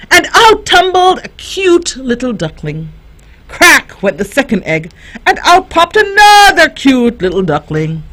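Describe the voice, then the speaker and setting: Female storyteller for children, high-ish voice, unhurried, very expressive. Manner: slow, expressive read-aloud with lively voices. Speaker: youth radio host.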